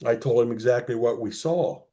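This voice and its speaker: A man as an interview guest, telling a rambling story slowly with many fillers. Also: mid-range voice, warm tone.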